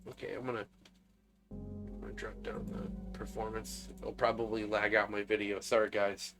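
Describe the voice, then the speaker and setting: A man giving casual, animated let's-play commentary, talking to viewers as he plays. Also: fairly low pitch, normal speed, creaky, over music. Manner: animated, excitable, talks to viewers. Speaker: gaming video creator.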